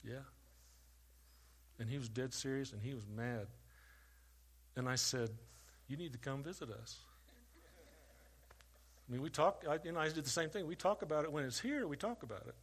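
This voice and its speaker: Man preaching with loud-quiet swings. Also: medium pitch, expressive, normal speed, pauses often, husky. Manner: dynamic preaching, rising loud for questions, dropping quiet for stories. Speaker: pastor. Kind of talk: sermon.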